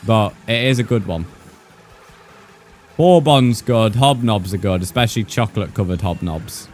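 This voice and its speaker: Chatty young British streamer, low voice. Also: male voice, moderate pace, a little mellow, faint music behind. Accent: British English. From United Kingdom. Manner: chatty, uses slang like mate and bro. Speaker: gaming streamer. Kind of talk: casual live-stream chat with viewers.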